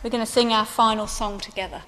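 A woman preacher giving a sermon in animated storytelling, turning soft and earnest at key points. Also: fairly high pitch, quick pace, in a large hall.

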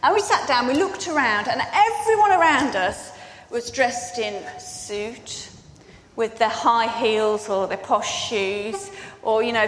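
A woman's voice: on the high side, a bit bright. A woman preacher telling a chatty personal story as part of a sermon. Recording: echoey hall with long reverb.

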